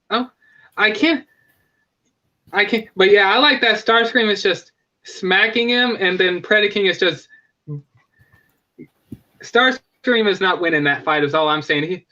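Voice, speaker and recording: A man hosting a casual live stream, talking with rambling enthusiasm and frequent self-corrections. His voice sits high and bright. The sound is a little dull and lo-fi. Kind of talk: casual fan chat.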